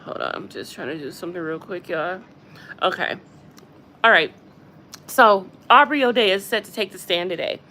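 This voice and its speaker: A woman hosting a casual gossip livestream from a hospital room, chatty and animated, often addressing her viewers directly. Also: lowish voice, normal speed, pauses often, slight background noise. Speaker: gossip channel host.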